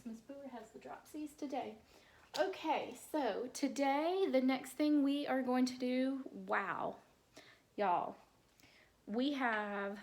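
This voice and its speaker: Woman teacher, higher voice, slow and encouraging phonics delivery. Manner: slow, clear sounding-out of word parts, encouraging. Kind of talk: phonics lesson for children.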